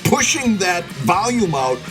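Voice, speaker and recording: A man's voice: high-pitched, sing-song, slow pace, music in the background. A man co-hosting a podcast in casual chat, teasing his co-host, laughing often and reading out listener mail.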